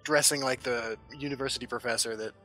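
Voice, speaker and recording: A man co-hosting a casual podcast, excitably telling stories with stammered restarts. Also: medium pitch, quick pace, faint music behind. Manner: excitable storyteller, stammering restarts, laughs often. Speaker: podcast co-host.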